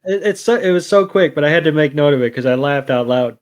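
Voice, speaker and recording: A man with a somewhat high voice banters on a podcast, teasing his co-host and cursing in fun. He talks in a relaxed, chatty way. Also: fast talker. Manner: joking, swears playfully.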